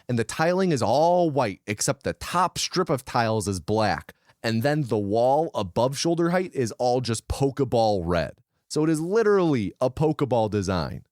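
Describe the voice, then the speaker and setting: A man co-hosting a casual movie podcast, explaining things in an expressive, detailed way. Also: mid-range voice, normal speed, no echo, studio quality. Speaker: podcast co-host.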